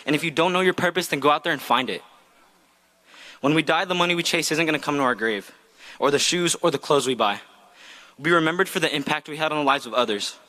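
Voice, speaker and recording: Speaking with a fairly high, sharp-toned voice, a young man who is graduating reads his earnest and heartfelt speech from a script. The setting is an outdoor graduation ceremony.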